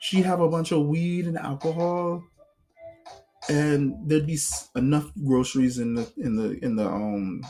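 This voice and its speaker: A man talking straight into his own podcast, recounting his life in a loose, unscripted monologue. He is blunt and swears freely. He stays animated throughout and acts out other people's words as he goes. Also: mid-range voice. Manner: blunt, profane, animated retelling with acted quotes. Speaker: podcast host. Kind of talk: casual storytelling monologue.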